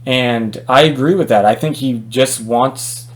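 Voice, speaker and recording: A man's voice: medium pitch, a little slow. A man giving his opinions in a casual boxing commentary vlog, talking loosely with fillers and restarts.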